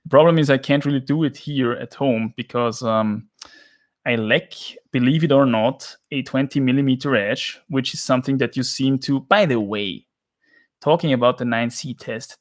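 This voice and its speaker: A man from Austria with an Austrian accent, chatting casually on a livestream from his flat, emphatic and ranting, often tagging lines with "yeah?". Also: mid-range voice, normal speed. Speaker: livestream host. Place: home flat.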